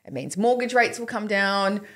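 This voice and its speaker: A woman's voice: mid-range voice, animated, moderate pace, a bit bright. A woman with a New Zealand accent co-hosting a casual podcast chat, explaining economic news in an easy, conversational way. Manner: explanatory, acts out quotes. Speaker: podcast co-host.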